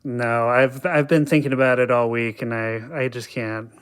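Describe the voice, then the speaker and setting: A man appearing as a guest on a podcast, answering in a relaxed, measured way. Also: medium pitch, clean tone. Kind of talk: casual podcast conversation.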